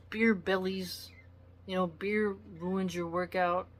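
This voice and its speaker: A woman with a lowish voice lecturing in a blunt, preachy way. She talks straight to the camera in solo commentary, with a faint hum of room noise behind her. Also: steady tone, slow pace. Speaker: vlogger.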